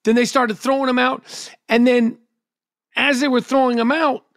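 A middle-aged man talks in a brash, profane, storytelling way on a podcast. His voice sits unusually high for a man. The sound is dry, with no room around it. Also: fairly even intonation, normal speed, a bit bright, dry recording. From New York. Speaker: podcast host and comedian. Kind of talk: casual podcast chat.

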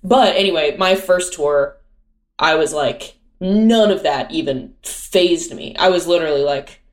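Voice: mid-range voice, a little slow. A young adult touring performer chatting casually, full of fillers and self-mocking asides. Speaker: touring musician-comedian, guest. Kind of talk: casual chat.

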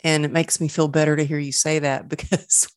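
A woman hosting an interview, chatty and enthusiastic, with words often coming out quickly. Her voice sits low for a woman. The sound is close and dry, with no room echo. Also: little pitch movement, clean tone. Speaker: podcast host. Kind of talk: casual interview chat.

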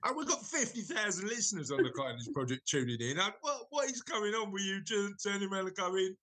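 A man hosting a casual podcast, his voice bright and forward. He rambles, restarts his sentences and keeps slipping in jokes. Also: high-pitched, big pitch swings, brisk. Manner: rambling, self-correcting, jokey. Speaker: podcast host. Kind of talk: casual chat.

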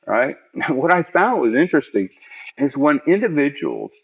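A man, a program manager, telling an interviewer about his work in an earnest, emphatic way and jumping up in pitch to stress his points. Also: very animated, moderate pace. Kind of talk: conversational storytelling in an interview. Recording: dull lo-fi audio.

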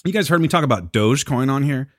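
A man's voice: medium pitch, lively intonation, quick pace, no echo, clean studio sound. A man co-hosting a podcast in casual chat, bantering with boastful, joking asides. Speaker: podcast co-host.

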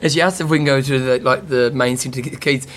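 Fast-talking teasing man. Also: medium pitch, fairly even intonation. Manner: quick, teasing banter. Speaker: podcast co-host. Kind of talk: casual chat. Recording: faint background noise.

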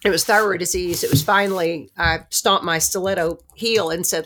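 A woman in her late fifties from Newark with a New Jersey accent, hosting a casual podcast conversation and telling her stories in an outspoken, animated way. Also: on the low side, moderate pace, hardly any pauses. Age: late 50s. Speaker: host.

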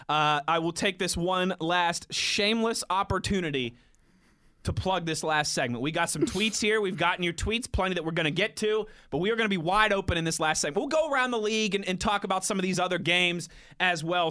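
A man's voice: high voice, bright, forceful tone, smooth. A man in his thirties hosting a sports talk show, bantering and laughing often. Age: 30s. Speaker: sports radio host.

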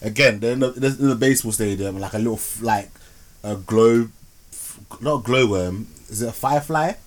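A man's voice: lowish voice, fairly quick. Slangy man chatting films. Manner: slangy, rambling storyteller. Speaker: podcast host. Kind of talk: casual film review chat.

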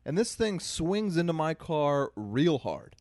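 A man's voice: a little high, big pitch swings, takes it slowly, darkish tone, no echo. Chatty storytelling podcast host man. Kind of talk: casual chat.

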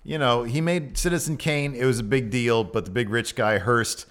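A man co-hosting a casual wrestling podcast, joking in quick back-and-forth. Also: mid-range voice, fairly bright tone. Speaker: podcast co-host.

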